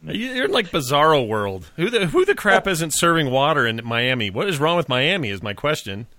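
A man from the United States, co-hosting a casual chat, throws in quick jokey banter and teasing reactions. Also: a little high, big pitch swings, sharp tone, no room sound.

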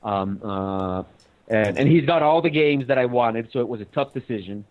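A man in casual chat, telling an animated story and acting out both sides of the conversation. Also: mid-range voice, moderate pace. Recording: tinny phone-like line.

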